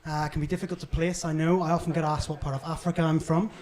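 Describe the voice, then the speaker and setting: Young Northern Irish comic, high voice. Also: male voice, level tone. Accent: Northern Irish, toned down. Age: young adult. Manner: brisk, punchy, self-deprecating delivery. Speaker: stand-up comedian. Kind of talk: stand-up comedy set. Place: comedy club stage. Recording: live club recording with audience noise. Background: audience laughter and cheers.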